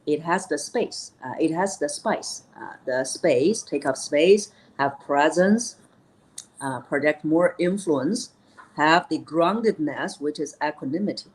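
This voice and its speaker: A woman's voice: sits low, unhurried, rough recording. A woman voice coach explaining vocal technique in an interview, with many "uh" fillers and key phrases repeated.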